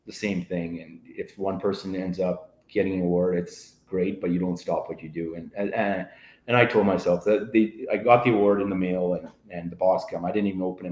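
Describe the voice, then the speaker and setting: A man's voice: low-pitched, a little mellow, muffled recording. Rambling middle-aged man, roomy echo. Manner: rambling, full of fillers, acts out quoted family voices. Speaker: podcast guest. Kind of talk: casual storytelling.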